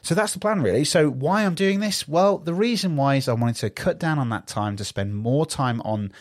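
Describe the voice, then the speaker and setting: A man's voice: fairly high pitch, lively intonation, moderate pace, dry recording. A man hosting a solo podcast, talking upbeat and rambling into a studio podcast microphone. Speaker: podcast host.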